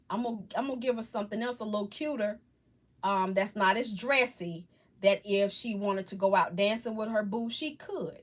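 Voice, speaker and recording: A woman hosting a casual live chat with viewers, talking about faith in a halting, rambling, heartfelt way. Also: mid-range voice, fairly bright tone. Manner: halting, rambling, restarts often. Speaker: livestream host chatting with viewers.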